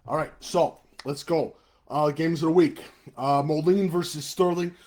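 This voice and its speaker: A man with a Chicago-area American accent hosts a live high school football webcast, ranting and previewing the game in a blunt, fired-up way, swearing and then apologizing. His voice is a little high, steady in tone, unhurried and slightly mellow.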